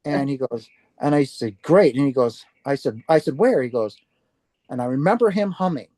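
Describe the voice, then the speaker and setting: A man with a mellow, warm voice tells his story as an interview guest, animating the back-and-forth and stumbling into quick restarts. The sound is close and dry, with no room around it. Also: mid-range voice, dry recording. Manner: animated, acts out quoted dialogue with restarts. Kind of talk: casual storytelling.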